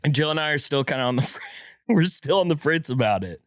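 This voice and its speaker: A man co-hosting a podcast with a congested chest, telling a story in casual chat and acting out quotes in a shrill voice. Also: animated, fast, a bit bright, no room sound, clean studio sound. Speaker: podcast co-host.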